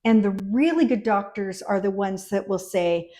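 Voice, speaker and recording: A woman's voice: medium pitch, normal speed. A woman midwife chatting as an interview guest in a medium voice. She tells stories with energy and brief impressions, and her tone rises and falls expressively. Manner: animated storyteller, acting out quotes. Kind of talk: casual interview chat.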